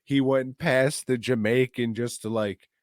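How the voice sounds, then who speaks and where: A man's voice: medium pitch, fairly even intonation, unhurried, no echo, studio quality. A man co-hosting a podcast, casually reviewing a movie in a jokey, profane, rambling way. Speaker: podcast co-host.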